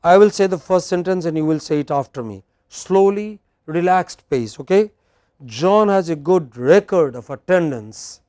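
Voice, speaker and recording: A man teaching English word stress in a classroom, patiently modelling words slowly and prompting his learner. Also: on the high side, expressive, a little mellow, no echo. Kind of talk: classroom drill lesson.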